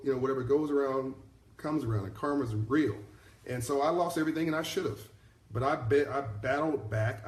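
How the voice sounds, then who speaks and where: A middle-aged man talks to his live viewers in a motivational, preachy way, circling back to repeat his key points. He rambles and restarts his sentences. The room has a roomy echo, and his pitch sits in the middle for a man. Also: darkish tone. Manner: rambling, many fillers and restarts. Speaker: motivational speaker hosting a live stream. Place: in South Africa, on a live broadcast. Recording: echoey room.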